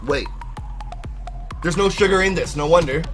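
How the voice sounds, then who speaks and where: A young man giving profane, excitable live commentary on his own gameplay, with sudden yelled outbursts. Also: a little high, normal speed, faint music behind. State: out of breath. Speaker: gaming channel host.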